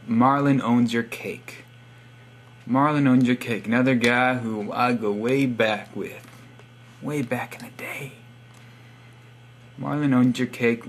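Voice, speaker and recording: A man's voice: mid-range voice, takes it slowly, a little hiss or hum. A young man reading out subscriber profiles in a casual, sarcastic, teasing monologue. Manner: sarcastic teasing, reads profiles aloud with wry asides. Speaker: vlogger giving subscriber shoutouts.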